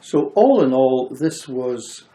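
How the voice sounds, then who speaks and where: A man chatting as a guest co-reviewer, making dry, deadpan quips. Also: mid-range voice, takes it slowly. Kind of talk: casual chat about a film. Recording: roomy echo.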